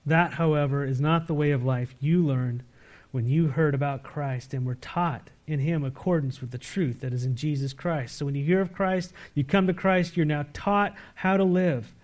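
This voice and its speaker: A pastor preaching a sermon, reading scripture verses aloud and pressing the congregation with direct questions. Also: male voice, moderate pace. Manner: swings between emphatic, louder lines and low, quiet asides.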